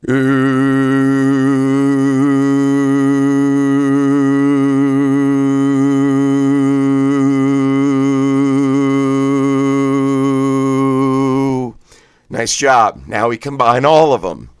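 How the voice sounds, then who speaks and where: A man guiding follow-along voice exercises, counting out reps and cracking relaxed jokes between drills. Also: medium pitch, moderate pace, vocal fry, few pauses, dry recording, studio quality. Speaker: voice exercise guide.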